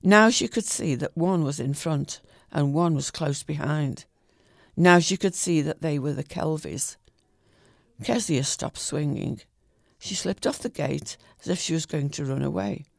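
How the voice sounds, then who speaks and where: A man reading a short story aloud in a calm, even way, with the odd small slip. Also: fairly high pitch, a little slow, creaky, no echo, clean studio sound.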